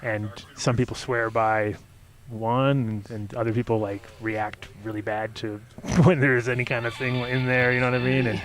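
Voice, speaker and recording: A man hosting a casual talk show, telling a long story in a rambling, animated way and acting out his own reactions. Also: mid-range voice, moderate pace. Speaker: host.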